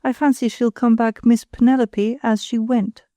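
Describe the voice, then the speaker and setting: A woman's voice: a little high, flat delivery, normal speed, mellow, no room sound, lightly acted. A woman reading the part of an affected young woman with an artificially sweet, sentimental manner. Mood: sharp.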